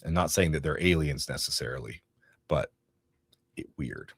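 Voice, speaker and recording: A man's voice: a bass voice, moderate pace, creaky, slightly rough, no echo, clean studio sound. A man hosting a casual podcast, explaining theories in a rambling, self-correcting way. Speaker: podcast host. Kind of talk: casual chat.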